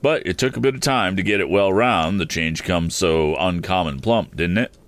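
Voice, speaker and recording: A man reading aloud, voicing a kindly, plain-spoken middle-aged blacksmith with slow, homely country dialect speech. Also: deep voice, a bit bright, no room sound.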